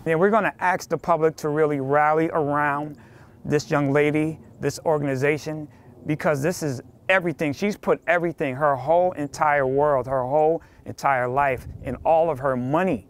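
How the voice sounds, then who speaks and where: A male news reporter with a somewhat high voice delivers his report earnestly and with emphasis. His tone stays steady and clear throughout. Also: moderate pace, a little hiss or hum.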